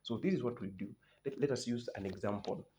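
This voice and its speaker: A man's voice: on the low side, fairly quick. A man teaching an exam revision lesson, listing points one by one, repeating key terms and often restarting his sentences. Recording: noisy background.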